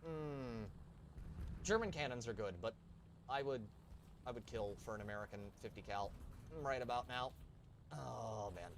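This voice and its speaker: Male gamer host, casual commentary, game sounds clearly underneath. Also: medium pitch, measured pace, pauses often, slight background noise. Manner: chatty, jokey asides to chat. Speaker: streamer. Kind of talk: live gameplay commentary.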